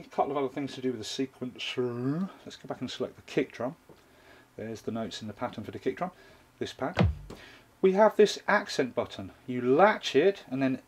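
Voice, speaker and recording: A man's voice: medium pitch, slight background noise. Man demonstrating a drum machine step by step. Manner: explains step by step while playing a drum machine. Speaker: music gear reviewer. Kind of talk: hands-on tutorial demonstration.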